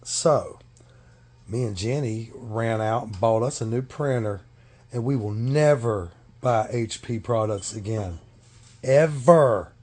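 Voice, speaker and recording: A man's voice: fairly low pitch, measured pace, a little mellow. A man complaining in a casual vlog, firm and emphatic, repeating himself for stress.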